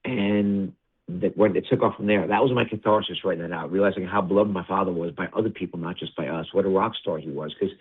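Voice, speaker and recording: A fast-talking man with a very low, husky voice tells a personal story as an interview guest. He puts on his father's voice by going louder and higher, then drops low and tearful. The sound comes over a tinny, phone-like line. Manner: acts out his father's lines in a raised voice.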